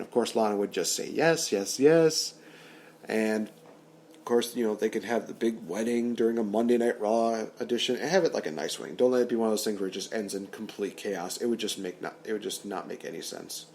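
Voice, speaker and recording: A man hosting a wrestling podcast, excitedly retelling an imagined storyline and acting out the wrestlers' lines and sound effects. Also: fairly low pitch. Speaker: podcast host. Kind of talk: fantasy booking recap, casual podcast talk.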